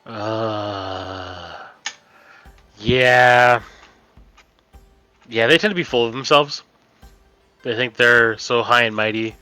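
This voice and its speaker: A man running a tabletop game as game master, narrating quickly and casually. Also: mid-range voice, sharp tone, dry recording, soft background music, rough recording.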